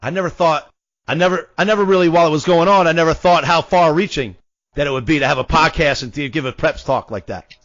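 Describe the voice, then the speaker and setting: A man's voice: fairly high pitch, fast, fairly bright tone, dry recording, dull audio. A man co-hosting a sports betting podcast, bragging jokingly in casual chat. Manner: boastful, joking. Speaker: podcast co-host.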